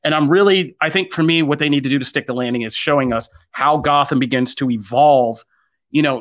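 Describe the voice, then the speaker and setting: A man co-hosting a casual pop-culture chat, animated and joking, jumping high and loud when he gets excited. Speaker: podcast co-host.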